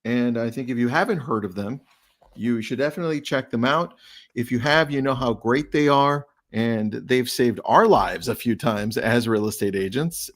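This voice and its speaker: A man's voice: medium pitch, a bit bright. A man hosting a webinar, an upbeat and chatty real estate agent.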